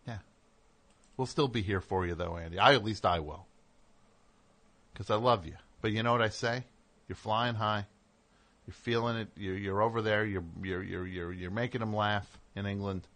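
A man's voice: lowish voice, steady tone, moderate pace, pauses often, a bit bright. Rambling, sarcastic male radio host. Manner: digressive, self-interrupting, sarcastic asides. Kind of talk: rambling on-air monologue.

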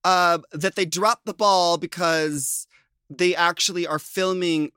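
A man co-hosting a podcast, chatting in an animated, giggly way. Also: high voice, slow pace, clean tone, dry recording, clean studio sound. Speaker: podcast co-host. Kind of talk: casual chat.

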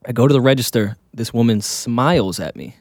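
A man's voice: medium pitch, fairly quick, no room sound, studio quality. A young man co-hosting a casual podcast, telling an anecdote in a laid-back, chuckling manner. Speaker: podcast co-host. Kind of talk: casual storytelling banter.

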